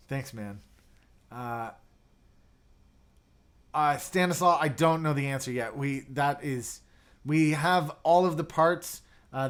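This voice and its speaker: A man hosting a casual livestream, chatting loosely and reading out viewer comments with lots of fillers and restarts. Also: on the high side. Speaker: livestream host. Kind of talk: casual live chat.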